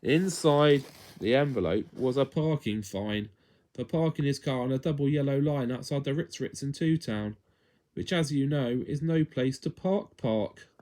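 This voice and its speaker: A man reading a children's story aloud at home in an expressive, playful way. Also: medium pitch, measured pace.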